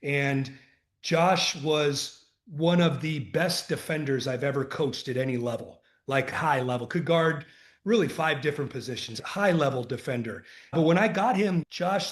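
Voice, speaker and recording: Male guest, retired coach; earnest storyteller, slightly high pitch, echoey room. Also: moderate pace. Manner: earnest, animated anecdotes, acts out dialogue. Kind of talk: conversational storytelling.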